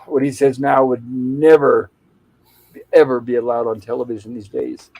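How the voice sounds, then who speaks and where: A man with a mellow, dark voice walks through a TV episode scene by scene in casual chat. He talks steadily and drops the characters' lines in without changing his voice. The sound is dry and close. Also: medium pitch, expressive, moderate pace, dry recording, poor audio. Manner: retells scenes at length, quoting lines in plain voice. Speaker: podcast co-host recapping episodes.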